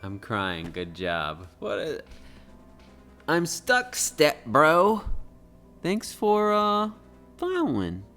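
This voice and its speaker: An animated streamer narrates live gameplay and keeps chatting to viewers, the voice leaping from low mutters to high squeaks. The delivery is slow and drawn out, with game music playing clearly underneath. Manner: animated, talks to self and chat, frequent exclamations.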